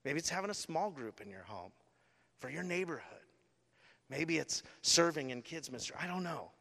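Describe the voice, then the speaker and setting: A man's voice: fairly high pitch, animated, moderate pace, gravelly, a bit bright. A middle-aged man preaching a sermon as a pastor, telling a story animatedly with lots of casual fillers. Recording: long hall reverb.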